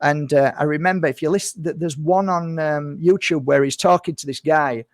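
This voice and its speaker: Brief: male vlogger, higher-pitched, dry close sound, loose earnest monologue full of repeats. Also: moderate pace, dry recording. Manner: earnest and rambling, repeats phrases, addresses viewers as guys. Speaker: spiritual healer and vlogger. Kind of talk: casual talk to camera.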